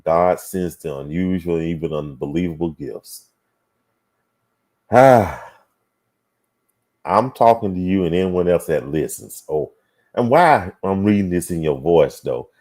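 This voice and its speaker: A man's voice: low-pitched, lively intonation, a little slow, pauses often, a little mellow. A man hosting a casual talk show, reading viewer comments aloud and musing on them with hums and sighs. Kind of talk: casual livestream chat.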